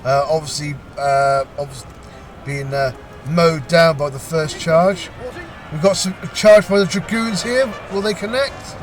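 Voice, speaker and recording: A man casually commentating a video game battle, talking haltingly with frequent pauses and restarts and a lightly amused tone. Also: fairly high pitch. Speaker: gameplay commentator.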